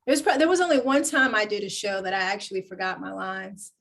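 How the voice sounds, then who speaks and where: A woman actor, a guest in a casual interview, telling stories with lively acted-out quotes. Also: mid-range voice, a little fast, gravelly. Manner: animated storyteller acting out quoted lines.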